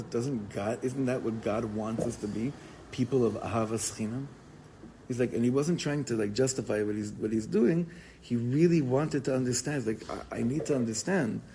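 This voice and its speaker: Man, rabbi teaching, gravelly voice, animated storytelling, faint hiss behind. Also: medium pitch, low-quality recording. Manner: animated storytelling, code-switching with Hebrew and Yiddish terms. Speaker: rabbi giving a Torah class. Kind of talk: informal Torah class.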